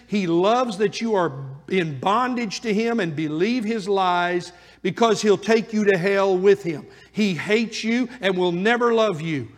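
A male pastor delivering a sermon with a fairly high voice. He expounds scripture verse by verse and appeals directly to his hearers. His words ring out with a long reverb, as in a large church hall. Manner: preaching, drops to a hushed intense voice for pleading questions.

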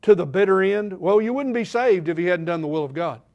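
An older man preaching a sermon, asking the congregation questions and swinging between loud declarations and quiet asides. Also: high-pitched, lively intonation, brisk, lo-fi sound.

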